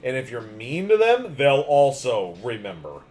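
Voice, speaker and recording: A man's voice: mid-range voice, huge pitch swings, a little slow, a little mellow, soft background music. Annabelle, prim bird-loving lady as a man puts her on. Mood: gushing. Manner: prim, gushing. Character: polite, bird-loving middle-aged lady.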